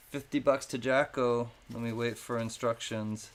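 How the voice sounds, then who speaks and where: A man's voice: medium pitch, steady tone, moderate pace, few pauses. Chatty male live-stream auctioneer. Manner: chatty, thanks viewers by name, drops into sing-song calls.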